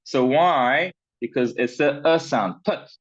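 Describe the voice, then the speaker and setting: Slow-talking man teaching pronunciation. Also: mid-range voice. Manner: slow, with many fillers and repeated words, checking in with "right?". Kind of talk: online class lesson. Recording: dull, lo-fi sound.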